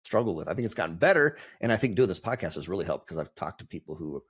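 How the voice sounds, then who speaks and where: Earnest low-voiced podcast host. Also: male voice, big pitch swings, fast talker, slightly rough. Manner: earnest, reflective, encouraging. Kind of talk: casual interview chat.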